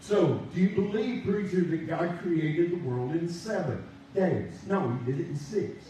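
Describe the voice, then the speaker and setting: A man preaching a sermon, drawing out his emphasis and pausing for responses from the congregation. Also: on the high side, dark tone, slight background noise. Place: church sanctuary. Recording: echoey church from a distance.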